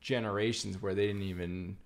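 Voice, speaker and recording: Low, gravelly male podcast host; relaxed, rambling delivery with lots of fillers. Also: a little fast. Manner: laid-back, rambling with many fillers. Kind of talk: casual chat.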